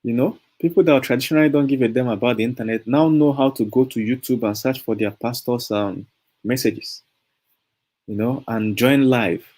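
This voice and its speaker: Nigerian-accented man, YouTuber, casual persuasive monologue, mid-pitched, repeats and chuckles. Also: moderate pace, darkish tone. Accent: Nigerian English. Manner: emphatic and persuasive, repeats himself, chuckles often. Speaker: YouTuber selling online courses. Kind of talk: casual motivational monologue to camera.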